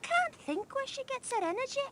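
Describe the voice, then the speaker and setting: Very high-pitched and a little fast, this woman's full character voice has big pitch swings, a fairly bright tone, and a faint hiss or hum. The video game role is a chatty, gossiping middle-aged wife on holiday with a northern English accent, who constantly turns to her husband for agreement. Her mood is gossipy, her manner gushing as she keeps prompting him.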